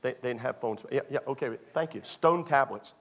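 A man's voice: medium pitch, fairly quick, a bit bright. A male pastor preaching a sermon to young people in a church, retelling a story in a conversational way, repeating phrases and acting out small scenes. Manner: repetitive, conversational, acts out scenes.

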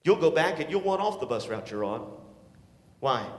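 Male pastor, bright high voice, sermon in a reverberant hall. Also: lively intonation, fast talker. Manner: emphatic, swings from shouting to low and hushed. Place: large church. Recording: echoey church hall with long reverb.

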